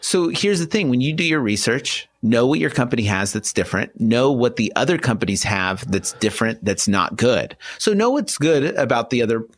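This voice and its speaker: A man's voice: medium pitch, lively intonation, normal speed, few pauses, dry recording. A man co-hosting a casual podcast, giving emphatic advice and saying "dude" often. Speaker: podcast co-host. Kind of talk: casual chat.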